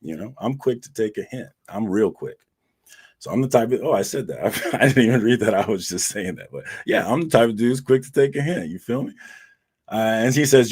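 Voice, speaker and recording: A man hosting a casual online show, retelling an argument with a friend in a profane, animated way and quoting both sides. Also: on the low side, brisk, slightly rough. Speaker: host. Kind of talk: casual livestream storytelling.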